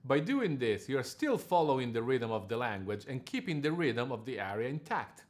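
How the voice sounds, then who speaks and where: A male diction coach delivers a scripted lesson for singers. He explains each point in a measured, precise way. His voice sits at a middle pitch for a man. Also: sing-song. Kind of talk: scripted instructional narration.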